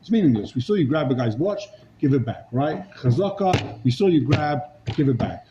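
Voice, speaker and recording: A man's voice: medium pitch, very animated, normal speed, mellow, muffled recording, slight background noise. A man teaching a Talmud class, arguing a legal case with rhetorical questions and Hebrew and Aramaic terms.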